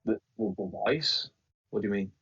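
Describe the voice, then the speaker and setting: Male player, low husky voice, hesitant and easygoing, muffled lo-fi sound. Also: lively intonation, moderate pace, fairly bright tone, distant mic, soft background music. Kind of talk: casual tabletop play.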